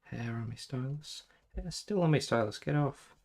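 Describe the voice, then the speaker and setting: During a live drawing stream, a man chats casually and rambles through self-deprecating remarks on tech trouble. He talks into a desk microphone plugged into the computer in a small home room. His mid-range voice is a little mellow, with lively intonation and normal speed.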